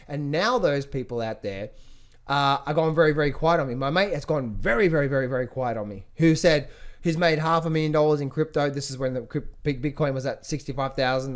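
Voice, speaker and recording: A middle-aged man giving casual market commentary as a trading educator, animated, often slipping into high mock voices of panicking traders. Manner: frequent fillers and restarts, addresses viewers as guys.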